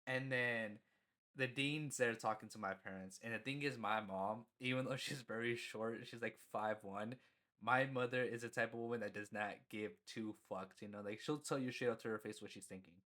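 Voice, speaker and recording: A man's voice: medium pitch, moderate pace, pushed and bright. A young man casually telling a story from his school days, rambling, filling gaps with "you know" and swearing freely. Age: young adult. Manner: laughs at himself mid-story. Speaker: storyteller vlogger.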